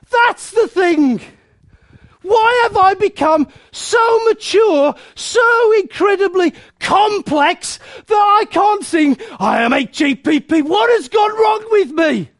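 A man's voice: very high-pitched, expressive, a little slow, no room sound. A man preaching a passionate sermon, breaking into snatches of sung choruses. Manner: passionate, bursts into snatches of song.

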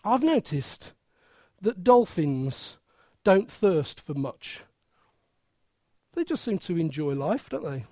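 A preacher giving a lively, emphatic sermon with humour and many rhetorical questions to the congregation. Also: mid-range voice, slow, pauses often, no room sound, studio quality.

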